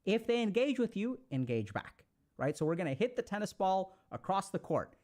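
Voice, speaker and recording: Man, motivational talk, fairly high voice, animated, coaching tone. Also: normal speed. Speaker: self-help speaker.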